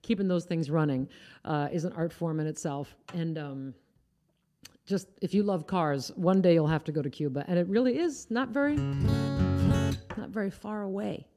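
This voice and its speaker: A woman from Iowa hosts a live music stream, explaining things casually as she goes in a low, mellow, expressive voice at a moderate pace. Chatty by nature, she tends to trail off and then restart.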